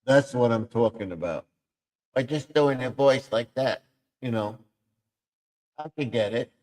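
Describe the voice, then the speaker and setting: A man's voice: mid-range voice, measured pace, a little mellow, in a large hall. A man hosting a casual live stream, rambling about his plans and trying out silly voices.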